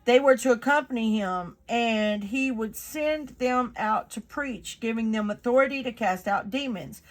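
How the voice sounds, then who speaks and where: A woman's voice: a little high, a little slow. A woman, reading the Bible aloud and reflecting on it in a chatty, earnest way with many fillers.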